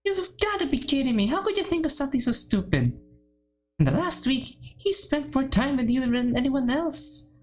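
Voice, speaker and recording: Brief: woman reading an exasperated teen schoolgirl, pitched up, blunt and scolding. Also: very animated, moderate pace, a little mellow. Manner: incredulous, scolding, then coaxing. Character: blunt, exasperated teenage girl club president.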